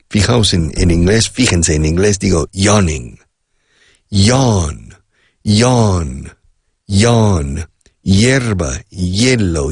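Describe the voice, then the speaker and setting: Older man, low husky voice, dry close sound; unhurried radio teacher who repeats himself. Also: dry recording. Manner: slow, repetitive, explains and repeats phrases patiently. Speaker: radio host and English teacher. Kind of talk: unscripted radio English lesson.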